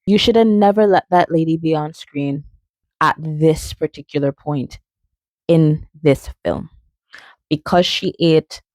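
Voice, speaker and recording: Young woman rambling about a movie, low mellow voice, super dry close sound. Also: no room sound. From outside England. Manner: chatty and playful, with frequent fillers and tangents. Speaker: video essayist. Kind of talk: casual spoken video essay.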